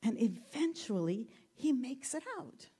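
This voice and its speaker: A woman giving a gentle, reflective talk and telling a story, with self-deprecating humor. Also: a little high, lively intonation, a little slow, husky.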